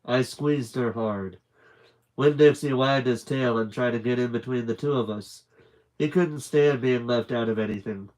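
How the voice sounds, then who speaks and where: A man reading a children's novel aloud live, in a steady, plain storytelling voice. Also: medium pitch, moderate pace. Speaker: reader.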